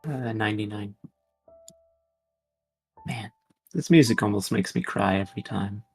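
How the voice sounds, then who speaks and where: A man playing a tabletop game, speaking an incantation in a steady, even way. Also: lowish voice, measured pace, creaky, soft background music. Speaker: player.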